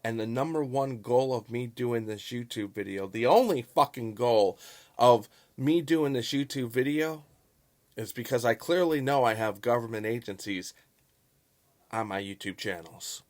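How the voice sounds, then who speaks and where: A man commenting on a local news story in a vlog, stressing words over and over and swinging between loud bursts and quiet asides. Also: mid-range voice, unhurried. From Chicago. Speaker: YouTube commentator. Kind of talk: profane political commentary vlog.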